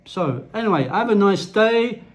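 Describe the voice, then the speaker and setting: A man's voice: high voice, expressive, normal speed. A man vlogging from the Philippines, ranting casually in a rambling, blunt way and swearing freely. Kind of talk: casual rant to camera.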